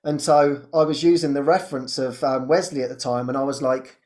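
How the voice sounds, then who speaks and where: A man who hosts a spiritual show, telling a personal story in a casual, animated way and laughing often. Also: a little fast. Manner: animated storytelling, laughs often, jumps high when quoting. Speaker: spiritual teacher and podcast host.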